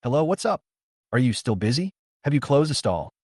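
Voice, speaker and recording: A man's voice: medium pitch, sing-song, brisk, dry recording, studio quality, voice pushed up. A man reading a weary young mother. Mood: worried.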